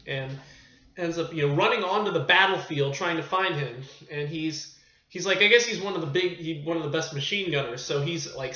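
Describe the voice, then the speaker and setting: A rambling, chatty male film reviewer with a bright, forceful voice that sits a little high. He talks loosely and keeps losing his thread. The sound is dull and lo-fi, in an echoey room. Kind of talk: casual film review monologue.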